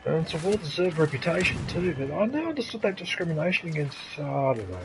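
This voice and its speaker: A man with an Australian accent chatting casually and excitably while streaming a game, rambling and swearing now and then. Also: a little high, fast talker, gravelly, noisy background. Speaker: gaming streamer.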